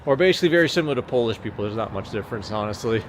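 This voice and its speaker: Talking very fast with lively intonation in a fairly low voice, a livestream host rambles to his viewers while walking city streets after dark. A small handheld gimbal camera picks him up along with the passing traffic and ambient street sound.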